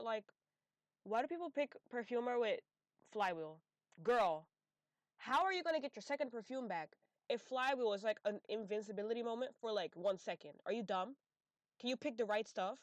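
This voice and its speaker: A woman's voice: on the high side, dry recording. Sassy young woman ranking game characters. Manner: sassy, blunt, slangy, addresses viewers as y'all. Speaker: gaming video creator. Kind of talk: casual tier-list commentary.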